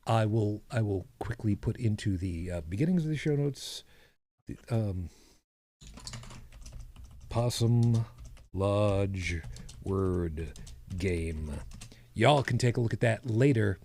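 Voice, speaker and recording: A man's voice: on the low side, expressive, takes it slowly, long pauses, dark tone, a little hiss or hum. A man co-hosting a podcast, chatting casually with a rambling, self-correcting manner and dry humor. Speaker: podcast co-host. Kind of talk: casual chat.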